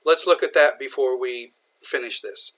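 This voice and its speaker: A man from southern Indiana, patiently explaining an English idiom in a recorded lecture, with many pauses and fillers. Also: medium pitch, a bit bright. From southern Indiana, USA. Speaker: English teacher.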